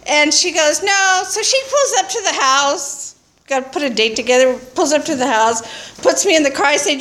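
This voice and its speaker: Sharing at a recovery meeting, this woman speaks in an unhurried, high voice. Her testimony is blunt and earthy, delivered as animated storytelling punctuated by frequent laughter.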